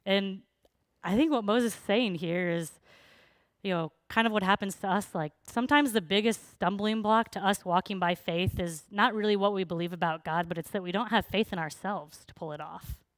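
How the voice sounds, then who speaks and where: A woman's voice: mid-range voice, normal speed, no room sound, clean studio sound. A woman pastor giving a conversational sermon with frequent fillers.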